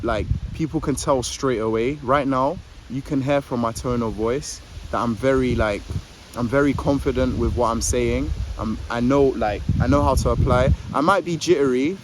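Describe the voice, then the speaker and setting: A young man giving casual advice to the camera outdoors in a park. He rambles, fills gaps with "like", and stammers a little. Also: mid-range voice. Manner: rambling, filler-heavy, says "like" a lot; a little jittery, stammers on words. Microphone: phone or camera held facing him. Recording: outdoor street noise with passing traffic.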